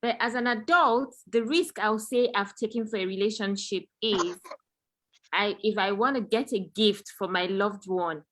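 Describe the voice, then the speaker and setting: A woman's voice: mid-range voice, moderate pace, a bit bright, slight background noise. A woman on a casual discussion panel, speaking in an earnest, reflective way.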